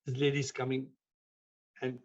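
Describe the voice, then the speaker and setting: A man giving a spiritual talk, telling stories with emphatic repetition and sudden shifts in loudness. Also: medium pitch, monotone, a little slow, highs cut off. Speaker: spiritual teacher. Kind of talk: spiritual talk to an online audience.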